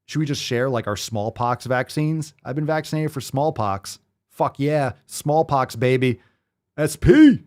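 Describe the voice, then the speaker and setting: A man's voice: mid-range voice, measured pace. A man hosting a podcast, giving profane, sarcastic commentary as he reads posts and articles aloud. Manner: sarcastic, mocking, emphatic. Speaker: podcast host.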